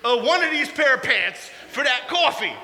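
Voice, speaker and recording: A man voicing an eager, cheerful male biker friend who talks loud and excited. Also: extremely high pitch, normal speed, creaky, in a large hall, slight background noise, voice pushed up, full character voice.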